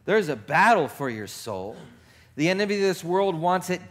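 Male pastor, high-pitched, dynamic sermon, hushed to shouting, questions the crowd. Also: very animated, normal speed. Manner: asks the congregation questions.

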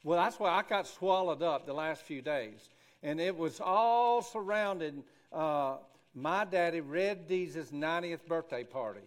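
A man's voice: fairly high pitch, measured pace. Folksy man, rambling and homespun. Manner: rambling, homespun, full of restarts. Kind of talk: folksy storytelling talk.

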